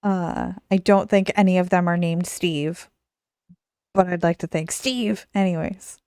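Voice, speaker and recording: Slow-talking woman, smooth dry voice. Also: lowish voice, darkish tone, dry recording. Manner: chatty, laughs often. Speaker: podcast host. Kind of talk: casual podcast chat.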